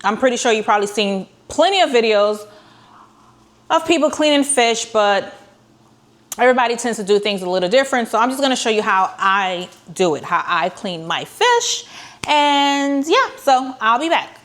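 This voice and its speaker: Speaking at normal speed in a mid-range, fairly bright voice, a woman hosts a laid-back cooking tutorial. She chats and rambles, restarting often and saying um a lot, and slips in some dry sarcasm.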